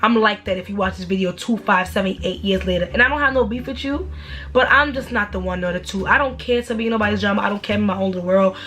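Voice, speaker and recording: A young woman telling a storytime in a blunt, animated, slangy way, with sudden high exaggerated outbursts. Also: fast talker. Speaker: storytime vlogger. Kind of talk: casual storytime rant.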